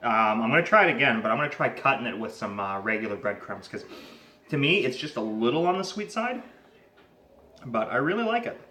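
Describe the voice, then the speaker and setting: A man's voice: medium pitch, big pitch swings, fairly quick, sharp tone, roomy sound, slight background noise. A man, hosting a casual home cooking vlog and chatting while he cooks and tastes. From Canada. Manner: chatty, talks while tasting food. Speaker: home cook and channel host. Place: home kitchen.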